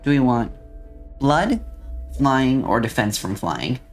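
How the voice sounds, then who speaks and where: An animated streamer chatting through a game, answering viewers and musing over choices aloud. The voice rises and falls in a lively way, and faint game music plays underneath. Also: medium pitch, slow pace. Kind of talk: casual let's-play chat.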